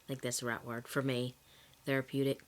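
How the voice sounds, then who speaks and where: A woman talking candidly to camera in a personal vlog, rambling and correcting herself, with a slight cough and throat-clearing. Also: a bass voice, little pitch movement, a little fast. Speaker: vlogger.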